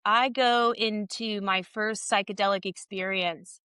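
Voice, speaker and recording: Candid bright-voiced woman telling her story. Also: mid-range voice, a little slow, clear, resonant tone, dry recording. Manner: candid, animated, reenacts conversations. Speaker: podcast guest. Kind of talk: casual personal storytelling.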